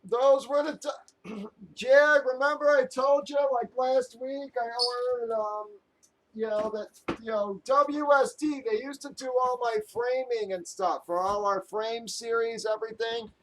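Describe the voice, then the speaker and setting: A man with a high voice vents on his live stream, talking straight to his viewers. He is angry, swears freely, and rambles, breaking off and restarting his sentences. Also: a little slow, low-quality recording. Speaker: live stream host breaking sports card boxes.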